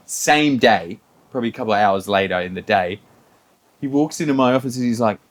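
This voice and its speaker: A man's voice: on the low side, animated, fairly quick. A man co-hosting a podcast, chatting casually and telling a story, acting out the people in it and laughing often. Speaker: podcast co-host. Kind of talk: casual chat.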